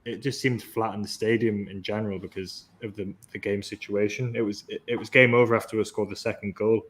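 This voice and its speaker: Man, lowish voice, football podcast host, analytical, eager. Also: flat delivery, brisk, fairly bright tone. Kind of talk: casual football podcast chat.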